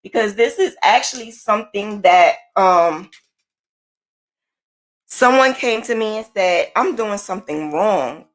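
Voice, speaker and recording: A woman's voice: mid-range voice, a bit bright. A woman crochet vlogger chatting casually and candidly, swearing now and then and acting out the people she quotes. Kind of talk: casual chat.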